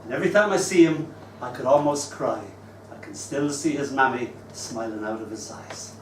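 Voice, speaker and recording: A man in his sixties hosting an open mic and reading his poems with wistful, gentle humour. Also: mid-range voice, moderate pace, a little hiss or hum. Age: 60s. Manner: wistful, gently humorous storytelling. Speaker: poet and open mic host. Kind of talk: live poetry reading. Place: live open mic venue. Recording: roomy room, distant mic, faint ambience.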